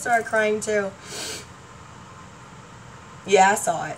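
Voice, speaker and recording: A middle-aged woman chatting in a rambling, excitable way on her home vlog, laughing often and trailing off mid-thought. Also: medium pitch, normal speed. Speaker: YouTuber. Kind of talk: rambling casual vlog chat. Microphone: laptop webcam mic. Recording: distant mic, faint room noise.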